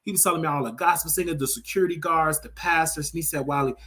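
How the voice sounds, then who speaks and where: A man hosting a casual gossip talk show. He tells his stories in an animated, dishy way, with sudden leaps up in pitch and quieter, hushed asides. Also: fast talker. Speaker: show host.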